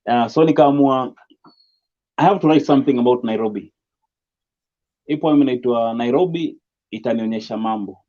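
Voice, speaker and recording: A man's voice: mid-range voice, moderate pace, pauses often. A young Kenyan man with a Kenyan accent, performing spoken word poetry in a rhythmic, rhyming delivery. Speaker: poet. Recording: dull lo-fi recording.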